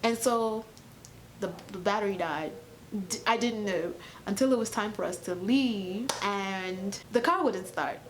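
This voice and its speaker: Young woman from Cameroon, casual storytime vlog, animated, sarcastic, laughs a lot, middle pitch, faint background noise. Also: measured pace. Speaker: YouTuber.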